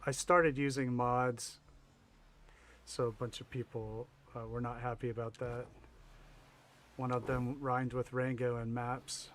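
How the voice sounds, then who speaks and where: A man's voice: mid-range voice, flat delivery, measured pace, pauses often, a bit bright, slight background noise. A man livestreaming a building game, chatting casually and wryly teasing his viewers as he plays. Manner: wry, teasing chat, frequent laughs. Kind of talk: casual gameplay chat with viewers.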